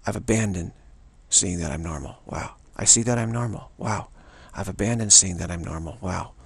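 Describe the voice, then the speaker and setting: A man in the role of a spiritual teacher gives a meditative dharma talk. His low voice is heavily gravelly with a husky grain. He talks slowly and repetitively, restarting phrases and returning to a chanted "wow.".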